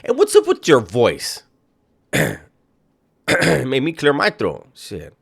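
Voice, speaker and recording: A man's voice: medium pitch, wildly swooping pitch, very slow, creaky, a bit bright, husky. A man hosting a reaction video, talking casually with a mocking, incredulous tone and heavy swearing. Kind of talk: casual profane reaction commentary.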